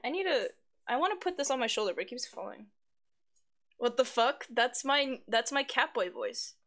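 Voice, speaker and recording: Bright, chatty streamer woman. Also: on the high side, animated, moderate pace. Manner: chatty, reads chat aloud, swears freely, giggly. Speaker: live streamer. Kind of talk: casual live-stream chat. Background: faint background music.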